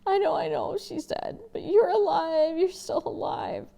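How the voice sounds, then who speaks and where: A woman voicing a panicked teenage boy in a storybook reading, pleading in high, breathless whispers. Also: fairly even intonation, normal speed, creaky, dark tone, full character voice. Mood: frantic.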